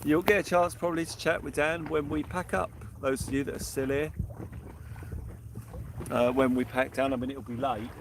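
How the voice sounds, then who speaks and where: A man's voice: mid-range voice, level tone, moderate pace, creaky. A man hosting a casual night fishing livestream outdoors, greeting viewers by name and singing bits of songs. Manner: sings snatches of songs between chat. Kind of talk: casual live fishing stream chat. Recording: noisy outdoor recording.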